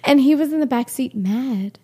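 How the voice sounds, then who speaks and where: A woman in her forties, a podcast guest telling her own story candidly, lively and acting out the quoted exchanges. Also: high voice, normal speed, slightly rough. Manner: animated, acts out quoted exchanges with laughs.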